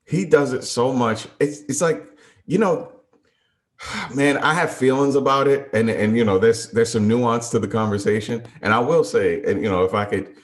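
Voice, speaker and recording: A man's voice: mid-range voice, moderate pace. A man co-hosting a podcast about movies, thinking aloud in casual chat, often restarting his sentences. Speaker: podcast co-host.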